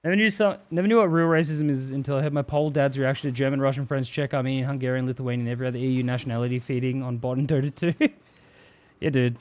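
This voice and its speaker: A man's voice: medium pitch, fairly even intonation, fast, darkish tone. A man streaming live, chatting casually and swearing freely as he reads viewer messages aloud and jokes about them.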